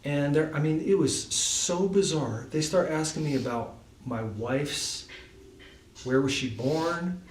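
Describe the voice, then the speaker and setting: A man's voice: on the high side, slow pace. A man telling a personal story in a loose, chatty way at a devotional gathering, full of fillers. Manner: loose and chatty, many fillers like "like" and "you know". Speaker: speaker at a devotional study gathering. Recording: echoey room, voice far from mic, faint hiss.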